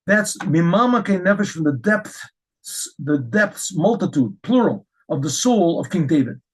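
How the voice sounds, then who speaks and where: A middle-aged man teaching a Torah lesson as a rabbi, telling stories with lively restarts and repeated words. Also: a little high, moderate pace, husky, low-quality recording. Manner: animated storytelling with frequent restarts.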